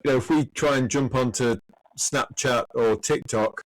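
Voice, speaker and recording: An older man speaking as a podcast guest, his voice at an ordinary middle pitch and recorded dry and close. He chats easily, agrees readily and slips into stories of his own. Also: no echo, poor audio. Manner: chatty, quick to agree and trade anecdotes. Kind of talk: casual chat.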